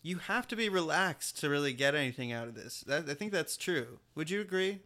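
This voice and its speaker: A man's voice: a little high, lively intonation, brisk, sharp tone. A man co-hosting a casual chat about old records, joking and rambling into asides. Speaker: podcast co-host.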